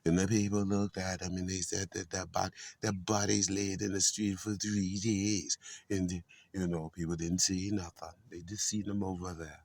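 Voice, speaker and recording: Gravelly deep-voiced man musing on faith. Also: flat delivery, normal speed, a little mellow, no echo. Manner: rambling and preachy, with playful asides and sudden jumps in pitch. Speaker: spiritual vlogger. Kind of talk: rambling casual spiritual musing. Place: outdoors in a garden.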